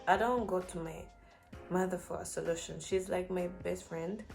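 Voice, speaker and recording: A woman's voice: on the low side, fairly even intonation, normal speed, gravelly, a little mellow, soft background music. A young woman giving casual, earnest advice to camera, encouraging and full of "like" and "you know". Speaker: vlogger.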